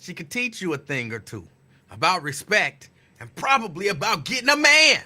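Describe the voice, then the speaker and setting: A man hosting a casual live talk show, greeting listeners by name and teasing them playfully with loud, emphatic bursts. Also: sits high, huge pitch swings, moderate pace. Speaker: radio host. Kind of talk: casual live-show chat reading listener shout-outs.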